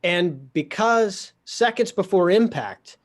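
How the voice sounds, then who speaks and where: A man telling a story in a wry, animated way, acting out the dialogue. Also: high-pitched, takes it slowly. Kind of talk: storytelling in a conversation.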